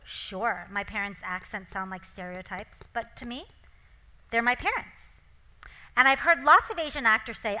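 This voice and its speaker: A woman's voice: on the high side, bright, forceful tone, poor audio. A woman, an author and actor, talking casually with many likes and ums, then reading aloud from her own memoir.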